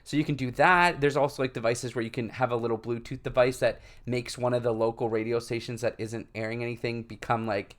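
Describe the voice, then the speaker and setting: A young man co-hosts a podcast in easy, rambling chat. His voice sits at a middle pitch. He uses plenty of fillers and often breaks into laughter. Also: fairly even intonation, a little fast, few pauses. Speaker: podcast co-host. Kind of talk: casual chat.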